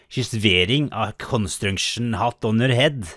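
A man hosting a gaming channel, chatting casually over gameplay and often jumping into high exclamations. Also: a little slow, a bit bright, dry recording. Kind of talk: casual game commentary.

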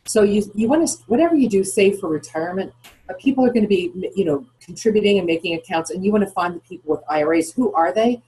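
A woman's voice: medium pitch, animated, fast, dark tone, husky, rough recording. A woman guest on a podcast interview, explaining things in a chatty way and posing questions to herself as she goes. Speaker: guest, founder of retirement account custodian.

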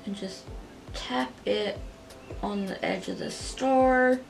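A woman talking casually at home as she walks through a makeup tutorial step by step, chatty and gushing but gentle. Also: high voice, steady tone, slow pace, creaky, faint music behind.

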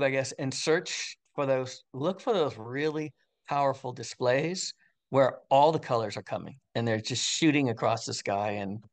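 An older man, an interview guest, telling a story in a casual, rambling way, full of fillers and restarts. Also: mid-range voice.

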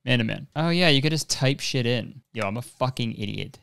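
A man's voice: mid-range voice, animated, brisk, vocal fry, fairly bright tone, clean tone, no room sound, clean studio sound. A young man streaming a video game, talking casually in a rambling, jokey, profane way. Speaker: gaming streamer. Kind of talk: casual gameplay commentary.

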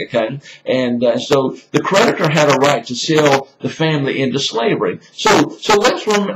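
Man, pastor, stop-start teaching with lots of fillers, roomy echo, noisy recording. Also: a little high. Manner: halting, repeats words, many fillers. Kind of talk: informal Bible-study teaching. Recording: echoey room with loud noise.

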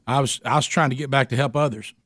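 On a talk show, a man in his 40s hosts and spins a funny story, animatedly performing the voices of the people he quotes. He speaks in a mid-range voice, and the recording has no echo.

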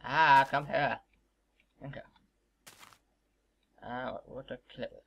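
A young man giving casual, excitable gameplay commentary as a gaming video host, swearing and shouting at the game's monsters. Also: medium pitch, takes it slowly, creaky, lo-fi sound, slight background noise. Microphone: desk microphone.

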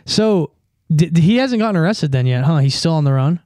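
A man's voice: on the high side, animated, darkish tone, no echo. Laughing man on a dry podcast mic. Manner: laughs often, quick riffing. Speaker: podcast co-host. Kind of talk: casual comedic banter.

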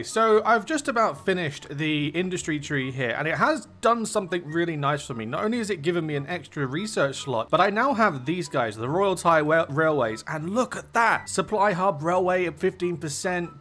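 Chatty young man, slightly high voice. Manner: thinks aloud, chatty, easily excited. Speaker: gaming YouTuber. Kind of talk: casual strategy game commentary.

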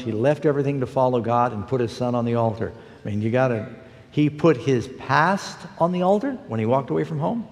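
A man's voice: mid-range voice, mellow, in a large hall. A man preaching a broadcast sermon, telling stories in a folksy, emphatic way.

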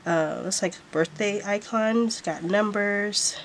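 Slow-talking, gushing woman vlogger. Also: mid-range voice, a little hiss or hum. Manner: gushing, repeats "so freaking cute". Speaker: planner vlogger. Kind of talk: casual product haul.

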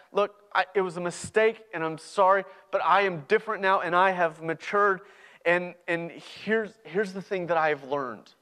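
A man's voice: extremely high pitch, fairly bright tone, voice pushed up. A man playing a repentant younger son in a sermon parable, talking earnestly with stumbling restarts. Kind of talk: sermon storytelling.

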